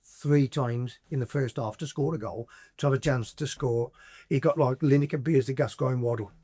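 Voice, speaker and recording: A man in his sixties with a Black Country accent, a podcast guest telling lively sweary anecdotes with sound effects. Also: medium pitch, moderate pace, breathy edge. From English Black Country. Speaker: podcast guest, former footballer. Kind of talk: casual storytelling.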